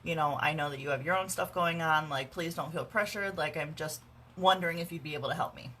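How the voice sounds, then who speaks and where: A woman's voice: deep voice, fast, a bit bright, a little hiss or hum. A woman direct sales consultant giving casual how-to advice in a vlog, chatty with lots of fillers and dry, sarcastic humor, recorded on a phone at home. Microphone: phone camera.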